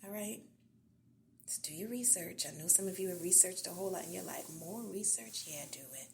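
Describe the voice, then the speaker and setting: A woman podcast host, giving an encouraging devotional talk in a soft, half-whispered, earnest voice. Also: lowish voice, brisk, creaky, a little hiss or hum.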